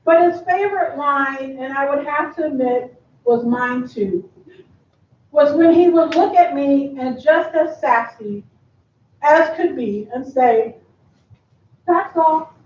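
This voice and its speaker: Woman, eulogy speech, affectionate, slow delivery, muffled distant recording, faint background hiss. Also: sits high, darkish tone. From Kentucky. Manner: affectionate, breaks into laughter often. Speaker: eulogy speaker. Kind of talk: memorial tribute speech. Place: memorial service venue. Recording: echoey, distant, muffled room sound.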